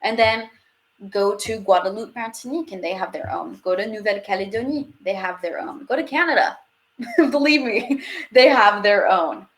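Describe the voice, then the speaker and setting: A woman's voice: mid-range voice, normal speed. Upbeat woman teaching a live class. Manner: upbeat, chatty, reads viewer questions aloud. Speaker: French teacher.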